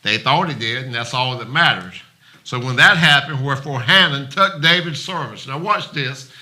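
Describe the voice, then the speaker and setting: A man's voice: medium pitch, normal speed, bright, forceful tone. A man preaching a sermon in a church, folksy and plain-spoken, acting out the voices of those he quotes. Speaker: pastor.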